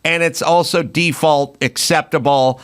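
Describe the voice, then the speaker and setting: A man hosting a podcast, telling stories in a casual, animated way that rambles a little. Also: on the high side, a little slow, smooth. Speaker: podcast host. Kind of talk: casual chat.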